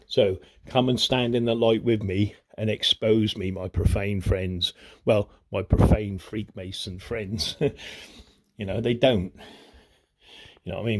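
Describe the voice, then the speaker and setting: Man, low voice, angry rambling rant, profane, strained voice. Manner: rambling, profane, repeats "you know what I mean". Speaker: vlogger.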